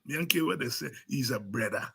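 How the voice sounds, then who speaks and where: A man's voice: mid-range voice, expressive, brisk, creaky, fairly bright tone, breathy edge. A man with a Guyanese Creole accent giving fiery, preaching political commentary as a show host, repeating himself and sliding into Creole.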